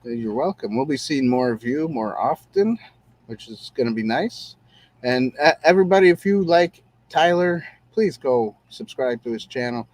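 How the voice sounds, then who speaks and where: A man's voice: mid-range voice, lively intonation, normal speed, a little mellow. A man hosting a casual show-review podcast, talking in an easygoing, rambling way with many fillers. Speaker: podcast host.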